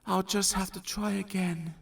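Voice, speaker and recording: A man's voice: high voice, little pitch movement, a little slow, gravelly, slightly rough, distant mic, pitched above the performer's own voice, full character voice. A man whispering as a timid little storybook man. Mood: despairing.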